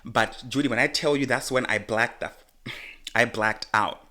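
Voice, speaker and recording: A man's voice: mid-range voice, normal speed, bright, forceful tone. Man telling a heated, profane story. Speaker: podcast co-host. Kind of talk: casual podcast chat.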